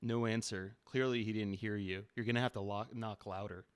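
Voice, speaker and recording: A man's voice: fairly low pitch, fairly even intonation, moderate pace, clear, resonant tone, no echo. A man hosting a stream, improvising a second-person story in a dry, playful way.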